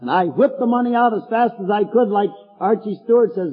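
Folksy older preacher, husky and high. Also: male voice, expressive, brisk, big-room sound, narrow, tinny audio, faint music behind. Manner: folksy, storytelling, chuckling asides. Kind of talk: folksy sermon.

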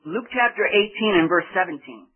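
Male preacher from Spain, high husky voice, slow emphatic sermon delivery, tinny phone-line audio. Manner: slow, emphatic delivery with dramatic pauses and rhetorical questions. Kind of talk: sermon, Bible teaching.

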